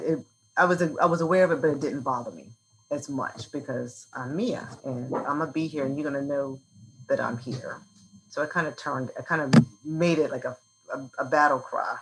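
A woman's voice: deep voice, rough recording. A woman from Virginia, a nonprofit leader, telling a personal story as an interview guest and acting out the voices in it. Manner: animated, acts out quotes from her childhood.

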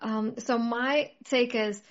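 A woman's voice: a little high, steady tone, slow pace, dull audio. A woman in casual conversation, talking earnestly and reflectively, with many "like" fillers. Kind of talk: casual chat.

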